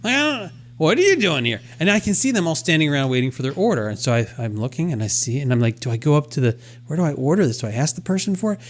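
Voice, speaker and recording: Man, podcast co-host, casual chat, somewhat high voice, animated storyteller, self-deprecating. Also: racing, hardly any pauses. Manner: animated storytelling, self-deprecating, acts out his own thoughts.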